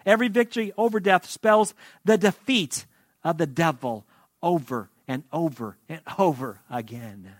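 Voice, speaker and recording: A man preaching a sermon, shifting between loud emphatic lines and quiet asides. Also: on the high side, moderate pace, dry recording, studio quality. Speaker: pastor.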